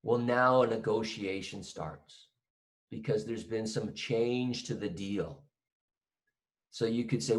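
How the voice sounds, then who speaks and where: Slow, deliberate man teaching a lesson. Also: on the low side. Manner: slow, acts out both sides of a phone call. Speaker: accounting teacher. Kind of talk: conversational lesson.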